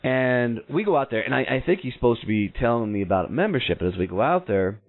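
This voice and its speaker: A man's voice: medium pitch, very animated, fast. A man hosting a podcast, telling a personal story in a blunt, salty, self-mocking way. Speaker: podcast host. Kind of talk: storytelling monologue. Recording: narrow phone-like sound.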